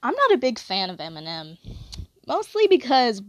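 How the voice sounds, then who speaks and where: A woman's voice: a little high, huge pitch swings, normal speed, no echo, clean studio sound. A young woman chatting casually, rambling with lots of "like" and self-corrections.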